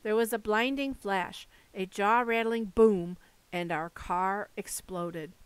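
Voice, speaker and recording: A woman reading a first-person novel aloud in a steady storytelling voice, mid-pitched. The sound is close and dry, with no room echo. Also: slow, clean tone. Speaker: audiobook narrator. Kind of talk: first-person audiobook narration.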